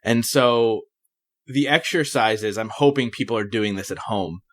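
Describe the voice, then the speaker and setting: A man's voice: lowish voice, measured pace, fairly bright tone. A man hosting an interview podcast, speaking in an earnest, eager way. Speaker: podcast host. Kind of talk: casual interview talk.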